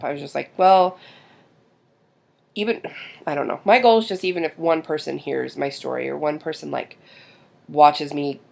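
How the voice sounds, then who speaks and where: A woman's voice: low voice, gravelly, darkish tone. A woman in her thirties, a mother, talking in a casual confessional vlog while doing her makeup, rambling and hesitant with sighs and fillers. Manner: rambling, hesitant, self-doubting. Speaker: mother and vlogger.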